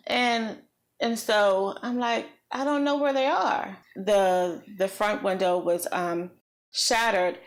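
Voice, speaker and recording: A woman vlogger with a medium-pitched voice tells about a personal experience. She's earnest and reflective, speaking slowly and haltingly with many pauses.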